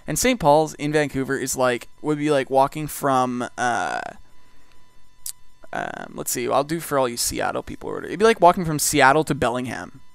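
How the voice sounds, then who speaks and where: Gravelly young guy telling a story. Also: mid-range voice, expressive, normal speed, no echo. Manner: rambling, profane, heavy use of "like". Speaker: vlogger host. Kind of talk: casual storytelling.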